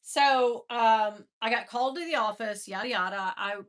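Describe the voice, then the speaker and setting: A woman's voice: fairly high pitch, moderate pace. A woman in her fifties hosting a live stream, chatting casually, greeting viewers by name and laughing often as she sets up a personal story.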